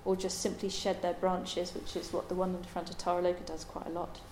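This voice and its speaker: A woman giving a Buddhist dharma talk in a halting, thoughtful way, with many pauses and ums. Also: lowish voice, level tone, a little mellow, a little hiss or hum. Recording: roomy echo.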